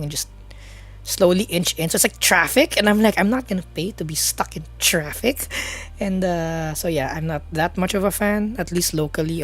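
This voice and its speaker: Chatty woman streamer, low voice. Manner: rambling, chatty, many fillers and restarts. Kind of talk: casual live-stream chat.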